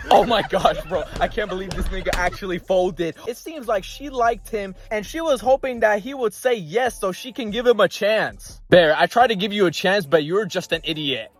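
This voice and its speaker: A young man narrating a comedic movie recap in heavy slang, animated and quick to burst out in mock disbelief. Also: fairly high pitch.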